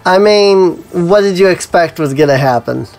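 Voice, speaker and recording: A man's voice: high voice, animated, moderate pace, creaky, a little mellow, soft background music. A man giving casual gameplay commentary as a let's play host, musing to himself with frequent ums.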